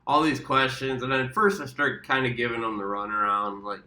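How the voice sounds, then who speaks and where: Bright-voiced man in an echoey room. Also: medium pitch, steady tone, normal speed, hardly any pauses. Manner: rambling, profane, self-correcting. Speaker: travel vlogger. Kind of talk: casual storytelling. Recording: roomy echo.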